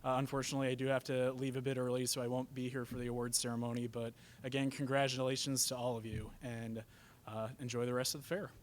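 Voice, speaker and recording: A man giving short congratulatory remarks as a sponsor representative, earnest and measured. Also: medium pitch, little pitch movement, a little hiss or hum.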